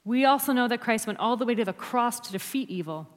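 A woman's voice: on the high side, lively intonation, fast talker. A woman preaching a sermon to a church, emphatic and dropping to near-whispers on key words. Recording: long hall reverb.

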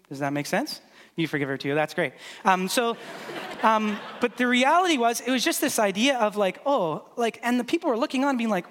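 Pastor guy chatting his way thru a sermon, kinda high voice, big hall echo. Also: normal speed, a bit bright. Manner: conversational, loose and filler-heavy. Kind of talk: casual sermon with live demonstration. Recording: long hall reverb.

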